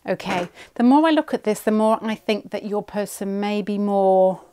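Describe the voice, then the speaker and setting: A woman's voice: mid-range voice, moderate pace, mellow. A woman giving a pick-a-card tarot reading at home, thinking aloud and rambling, often restarting her sentences.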